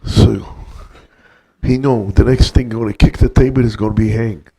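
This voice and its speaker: An older man, a guest rabbi, telling a story in an emphatic way that swings between hushed passages and loud peaks. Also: lowish voice, steady tone, normal speed, gravelly, breathy edge. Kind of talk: dramatic storytelling talk.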